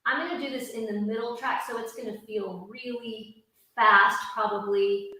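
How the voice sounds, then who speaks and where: A woman's voice: on the high side, steady tone, moderate pace, pushed and bright. A woman music teacher giving a webinar lesson, explaining rhythms and counting beats aloud. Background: backing music.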